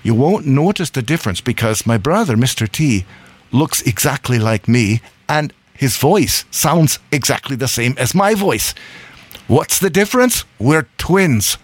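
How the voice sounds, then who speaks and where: A man's voice: medium pitch, lively intonation, unhurried, no room sound. A man from Scotland hosting a live radio show from a studio, rambling in a casual, self-amused way and chuckling often.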